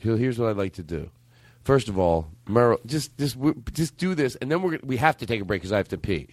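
Excitable guy hosting a podcast, voice all over the place, lots of laughing. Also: mid-range voice, fast, no echo. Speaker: podcast host. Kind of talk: casual chat.

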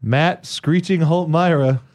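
A man's voice: fairly high pitch, slow pace, darkish tone. Laid-back swearing male co-host. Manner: laid-back, repeats words, swears casually. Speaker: podcast co-host. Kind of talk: casual chat.

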